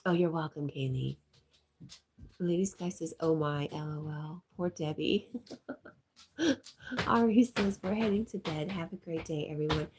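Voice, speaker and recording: A woman hosting a casual livestream, chatting and reading viewer comments aloud. She sounds stuffy-nosed and talks softly to her dog between comments. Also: low-pitched, unhurried, slight background noise. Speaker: livestream host.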